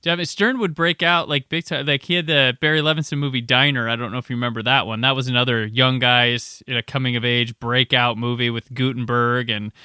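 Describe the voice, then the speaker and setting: A man's voice: mid-range voice, quick pace, few pauses, clean tone, no room sound, studio quality. A man hosting a podcast and chatting casually, telling stories and acting out the voices of people he quotes. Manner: animated storyteller, acts out quoted voices. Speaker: podcast host. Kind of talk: casual chat.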